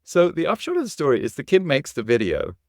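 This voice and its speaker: A middle-aged man, an actor and educator, telling an animated story as a podcast guest and acting out the people in it. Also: on the high side, fast talker, dry recording, studio quality. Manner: animated, acts out quoted voices.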